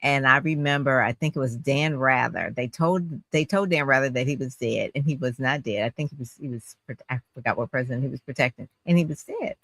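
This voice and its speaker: A woman hosting an interview, asking long, rambling questions and chatting in an animated way. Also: extremely low pitch, brisk, hardly any pauses, no echo. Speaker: interview host. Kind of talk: interview conversation.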